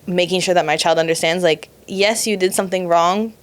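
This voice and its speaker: A woman with a lower-pitched voice co-hosting a casual podcast. She speaks in a reflective way and laughs often with her co-hosts. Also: steady tone, a little fast. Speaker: podcast co-host. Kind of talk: casual chat.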